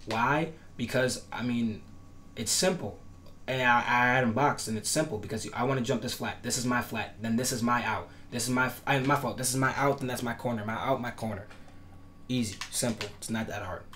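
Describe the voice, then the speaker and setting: Slightly fast, medium in pitch and fairly bright, a man speaks with a little background noise behind him. A gaming tutorial creator, he explains defensive setups casually and instructively, repeating himself, promising emphatically, and sometimes letting his voice crack.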